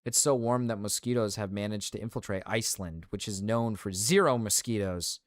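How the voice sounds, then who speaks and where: A man's voice: fairly low pitch, a little fast, dry recording, studio quality. A young man streaming live, ranting casually with lots of swearing and repeated phrases. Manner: ranting, profane, repeats himself. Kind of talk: casual livestream rant.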